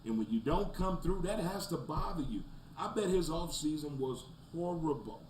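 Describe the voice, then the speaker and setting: A man hosting a casual sports talk show, breaking down the weekend's games, rising into loud rants and dropping to low mutters. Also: expressive, normal speed. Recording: roomy echo, faint background noise.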